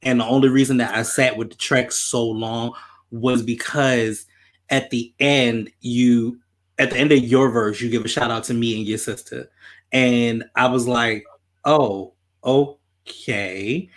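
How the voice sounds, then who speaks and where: A man tells a story on a podcast, talking in a loose, animated way. He swears freely and repeats himself as the story builds. His voice sits at an average pitch. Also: normal speed. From Baltimore, USA. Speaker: podcast host. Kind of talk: casual storytelling.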